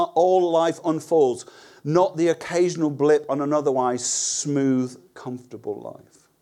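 A high-voiced man preaches an earnest, conversational sermon. He often restarts his words and turns to the listeners with rhetorical questions.

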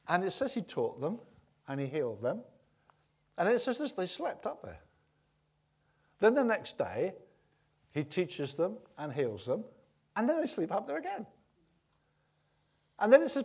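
A male preacher with a husky, slightly breathy voice, pitched a little high for a man. He tells the story with lively, swooping intonation, acting out scenes and dropping to near-whispers between loud bursts. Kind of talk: sermon.

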